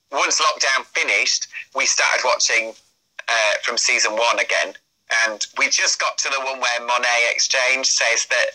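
Man, interview guest, very bright tone, chatty and rambling, lots of fillers. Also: mid-range voice, rough recording. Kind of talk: casual interview chat.

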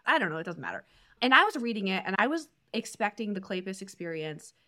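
A woman's voice: mid-range voice, big pitch swings, fast, pushed and bright. Woman podcast co-host, casual book chat, emphatic delivery.

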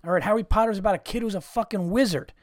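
A man hosting a podcast, telling stories in a profane, animated comedic rant with frequent restarts. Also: high voice, rapid-fire, no echo, clean studio sound. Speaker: podcast host.

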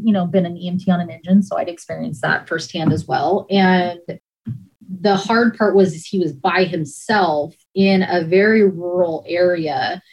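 Halting, emotional former dispatcher woman. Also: on the low side, rough recording. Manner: halting, emotional, with many restarts and pauses. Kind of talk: personal account in a conversation.

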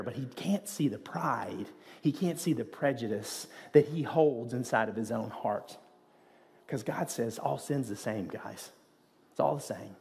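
A man's voice: medium pitch, darkish tone. A man preaching a sermon as pastor, speaking in an earnest, conversational way with rhetorical asides. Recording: long hall reverb.

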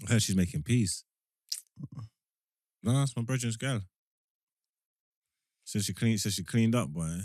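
A man's voice: fairly low pitch, measured pace, pauses often, a little mellow, no room sound, clean studio sound. A young man, co-hosting a podcast in casual banter, pressing his point with repeated phrases and slang. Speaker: podcast co-host.

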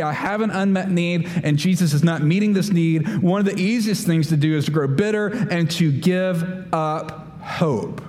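A pastor giving a sermon, talking animatedly and acting out the voices of Bible figures. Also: male voice, high voice, a little mellow. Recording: long hall reverb, faint room noise.

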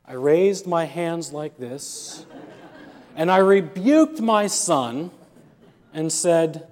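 Slow, higher-voiced pastor in a reverberant hall. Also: male voice, lively intonation, darkish tone. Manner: humorous storyteller, acts out dialogue. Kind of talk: storytelling sermon. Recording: long reverb of a church hall.

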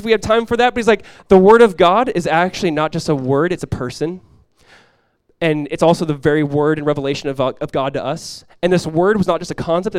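A male pastor preaching in a conversational sermon style, dropping to a hushed voice when acting out prayers. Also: a little high, clear, resonant tone, no echo, clean studio sound.

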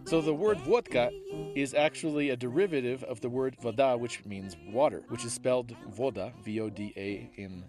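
A man co-hosting a podcast, telling animated stories and laughing often. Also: medium pitch, moderate pace, music in the background. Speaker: podcast co-host. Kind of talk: casual storytelling chat.

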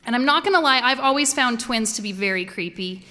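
A woman's voice: a little high, expressive, fairly quick, sharp tone, a little hiss or hum. A woman telling a personal story before an audience, conversational and wryly humorous. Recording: echoey hall.

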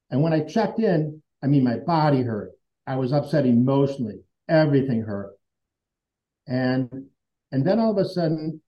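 A man's voice: medium pitch, muffled recording. Earnest middle-aged man telling his story. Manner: reflective, earnest, with frequent restarts. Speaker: interview guest. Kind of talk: personal storytelling.

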